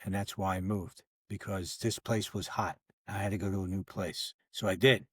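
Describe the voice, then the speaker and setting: Older man recounting a case, low voice. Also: steady tone, moderate pace, slightly rough, no room sound, clean studio sound. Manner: retells conversations, voicing both sides. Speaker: retired federal agent, podcast guest. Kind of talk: casual storytelling. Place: podcast recording setup.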